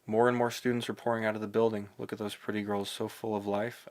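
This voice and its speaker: A man narrating a novel in the first person, in a rambling, excitable inner monologue. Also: fairly low pitch, fast, few pauses. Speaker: audiobook narrator.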